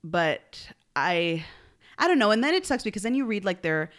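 A woman's voice: medium pitch, big pitch swings, normal speed, a bit bright. A woman co-hosting a podcast, chatting casually about the news with many fillers and restarts. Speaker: podcast co-host. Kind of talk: casual chat.

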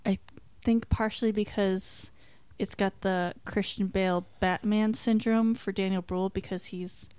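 A woman co-hosting a casual podcast, chatting about a TV show in a relaxed way with frequent ums. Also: mid-range voice, unhurried, hardly any pauses, clear, resonant tone, no echo. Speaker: podcast co-host reviewing a TV show. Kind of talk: casual chat.

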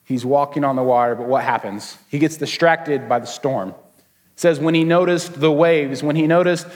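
A young male pastor with a fairly high voice preaches a laid-back, humorous sermon. He acts out quick voices for the characters as he talks. His voice rings with the long reverb of a large hall. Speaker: student pastor.

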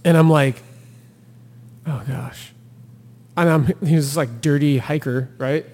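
A man's voice: fairly high pitch, a little fast, long reverb tail. A man, a thru-hiker guest on a podcast, telling his story in casual talk and acting out the quotes with laughter. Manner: animated storyteller who acts out quotes and laughs.

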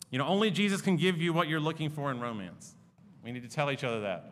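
Man preaching in a reverberant hall. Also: on the high side. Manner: conversational, animated storytelling with fillers. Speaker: pastor. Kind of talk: sermon.

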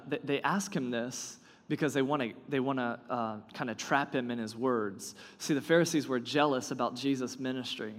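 A male pastor preaching a sermon in a conversational, animated storytelling manner. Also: medium pitch, long reverb tail.

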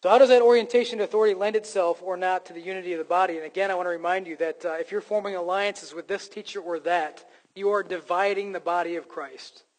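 A man delivers a sermon from the pulpit, emphatic and earnest, slipping in wry jokes at his own expense. His voice sits fairly high for a man. The sound rings with the long reverb of a church sanctuary. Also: steady tone, fast. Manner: emphatic preaching with self-deprecating jokes. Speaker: pastor.

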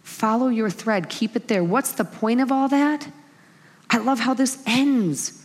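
A middle-aged woman preaching a sermon, telling stories with lively acted-out quotes. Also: fairly high pitch, a little slow. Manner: animated storytelling with acted-out quotes. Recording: long hall reverb.

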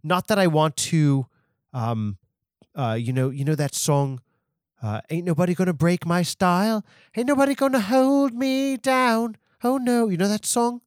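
A man's voice: mid-range voice, very animated, a little slow, long pauses, clean tone, dry recording, clean studio sound. A man putting on a pushy lecturing buddy voice. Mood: bossy. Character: bossy male friend scolding the host.

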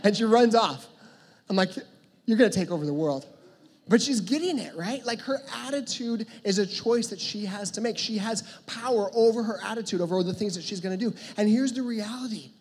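A man in his thirties preaching a sermon as pastor, telling stories in a conversational, animated way. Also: high voice, a little fast, husky. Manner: conversational, animated, self-deprecating storytelling. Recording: long reverb of a large hall.

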